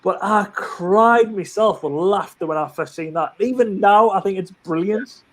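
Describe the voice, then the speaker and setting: Chatty high-voiced man telling stories. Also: moderate pace. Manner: chatty, animated storyteller with many restarts. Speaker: live chat participant. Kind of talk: casual chat.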